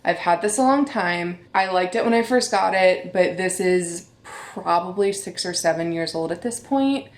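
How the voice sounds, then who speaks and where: A woman's voice: on the low side, moderate pace, few pauses, roomy sound. A woman in her thirties, a beauty vlogger chatting candidly to viewers at home. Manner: chatty, candid, addresses viewers as you guys. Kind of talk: casual chat.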